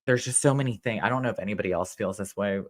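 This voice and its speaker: A man's voice: lowish voice, rapid-fire. A man in his thirties co-hosting a casual podcast, rambling with lots of fillers about his worries. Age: 30s. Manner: rambling, filler-heavy, confessional. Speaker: co-host.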